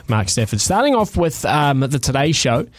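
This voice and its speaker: This radio co-host has a medium-pitched voice with big swings in pitch and a moderate pace. He jokes his way through light news items casually, wandering off track and filling gaps with plenty of fillers.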